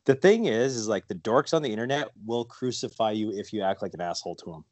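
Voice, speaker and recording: Rambling low-voiced man on a podcast. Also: fast, darkish tone, dry recording. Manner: rambling, many "like" fillers and restarts. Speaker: guest, fighter and wrestler. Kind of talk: casual podcast chat.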